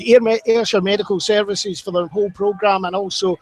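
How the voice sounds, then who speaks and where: A man's voice: sits high, fairly even intonation, fairly quick, poor audio. A Scottish man presenting a pre-match football show at a stadium, chatty and jokey, sometimes tripping over his words. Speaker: club media presenter.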